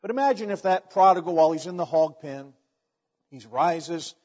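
A man's voice: on the high side, expressive, normal speed, a little mellow. A male preacher giving a folksy storytelling sermon, often restarting phrases. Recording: dull, echoey hall recording.

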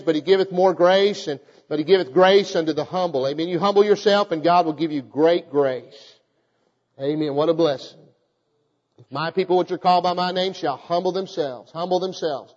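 A pastor preaching a sermon, moving from folksy storytelling into fervent, emphatic exhortation. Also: male voice, high voice, normal speed, darkish tone, in a large hall, highs cut off.

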